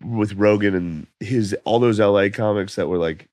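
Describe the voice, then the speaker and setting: Deep-voiced man, hoarse, laid-back storyteller. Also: moderate pace, a little mellow, dry recording, clean studio sound. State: losing his voice. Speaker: comedian guest. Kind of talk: casual podcast chat.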